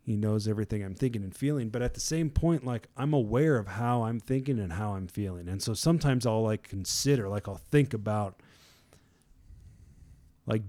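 A man's voice: lowish voice, moderate pace, warm tone. A man giving a casual devotional reflection in a rambling, conversational way, with many fillers and restarts and frequent chuckles. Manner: chuckles often. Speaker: devotional speaker.

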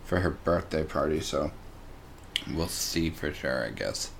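A man's voice: rumbling low, a little slow, gravelly, a little hiss or hum. A man co-hosting a casual podcast chat, talking in an easygoing way and trailing off with fillers. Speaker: podcast co-host, father.

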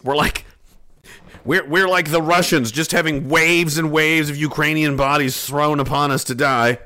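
A man's voice: a little high, fairly even intonation, moderate pace, bright, forceful tone. A man hosting a livestream, ranting sarcastically with lots of swearing and mocking jokes. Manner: sarcastic, swears freely, riffs into silly voices. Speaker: livestream host. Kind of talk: profane comedic rant.

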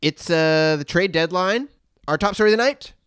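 A man's voice: high voice, moderate pace, a bit bright, clean tone, no room sound. A man from Canada co-hosting a comedic sports podcast, joking and riffing with puns. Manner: jokey, punning, riffing. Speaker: podcast co-host.

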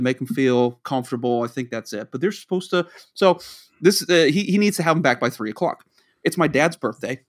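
A man from the Boston area, co-hosting a podcast and telling a long rambling story, acting out the dialogue he quotes. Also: fairly high pitch. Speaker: podcast co-host. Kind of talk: casual storytelling.

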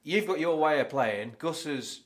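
A man's voice: fairly high pitch, lively intonation, a little slow. A man co-hosting a podcast, talking emphatically in casual chat and swearing freely.

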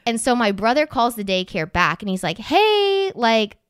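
A woman's voice: on the high side, normal speed, smooth, dry recording. Young woman telling a story, dry sound. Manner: animated storytelling, swears freely, many "like" fillers. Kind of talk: casual chat.

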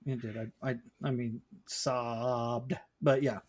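A man's voice: mid-range voice, level tone, slow, slightly rough. Male podcast co-host, jokey and self-deprecating, casual chat.

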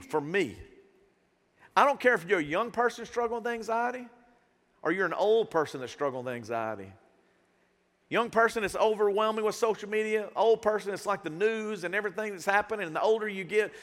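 High-voiced preaching man in a reverberant hall. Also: normal speed. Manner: animated preaching with sudden swings between soft and loud; calls out to the congregation. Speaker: pastor. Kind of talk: sermon. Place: church sanctuary with a live congregation.

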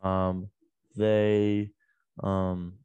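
Hesitant low-voiced man in a dry room. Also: completely flat delivery, very slow, clean tone, no room sound. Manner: hesitant, trails off quietly. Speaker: co-host. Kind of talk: casual sports chat.

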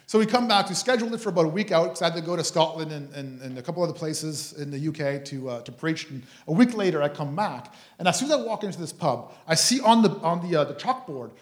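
A man with a French-Canadian accent, a preacher telling a lively testimony story with many restarts. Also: fairly high pitch, quick pace, few pauses, reverberant. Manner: animated, chatty, many restarts.

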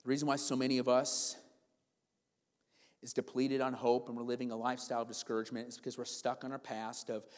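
A pastor in his forties preaching a sermon, moving between loud, emphatic preaching and quiet, conversational storytelling. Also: medium pitch, level tone, fast, in a large hall. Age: 40s.

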